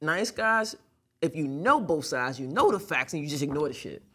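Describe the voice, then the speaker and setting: A man's voice: a little high, very animated, moderate pace, bright, forceful tone. A man co-hosting a casual podcast, laid-back and questioning. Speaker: podcast co-host.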